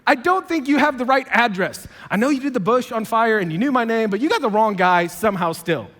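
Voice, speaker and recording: An old, reluctant Moses, put on by a preacher, voiced high and folksy. He protests in disbelief and pushes back on every request. His voice rings with the long reverb of a big church hall. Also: expressive, brisk, fairly bright tone. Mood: refusing.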